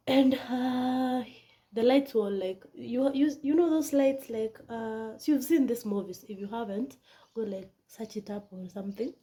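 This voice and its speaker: A woman tells a personal story to her viewers in a casual vlog. Her voice sits a little high but has a mellow, soft-edged tone. She talks dramatically and keeps sinking into hushed whispers. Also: moderate pace. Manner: animated, dramatic, drops into whispers. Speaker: vlogger.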